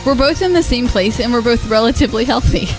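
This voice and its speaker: A woman's voice: fairly high pitch, quick pace. Upbeat woman podcast host over music. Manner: upbeat, supportive, brief replies. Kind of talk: casual chat.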